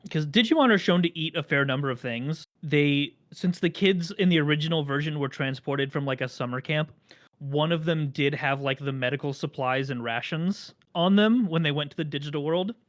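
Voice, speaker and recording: Podcast host, talks at a middling pitch, meanders through long explanations, dry humor. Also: normal speed. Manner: rambling, enthusiastic explainer with dry jokes. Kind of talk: casual podcast chat.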